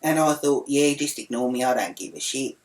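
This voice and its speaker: Brash foul-mouthed Australian woman, low voice. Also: expressive, brisk. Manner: brash, crude, rambling. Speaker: storyteller. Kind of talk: comic rant monologue.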